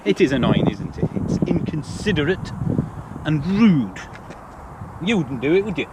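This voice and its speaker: A man's voice: fairly high pitch, big pitch swings, measured pace. Jokey English man vlogging outdoors. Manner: chatty, jokey, laughs often. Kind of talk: casual vlog chat. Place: outdoors at a car charging spot. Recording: noisy outdoor recording with traffic.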